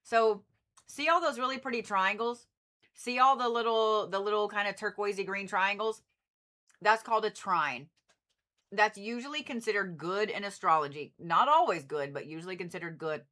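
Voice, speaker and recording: Bright-voiced woman astrologer chatting loosely. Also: medium pitch, moderate pace. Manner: loose, joking, swears freely. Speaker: astrologer host. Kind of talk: casual livestream chat and chart reading.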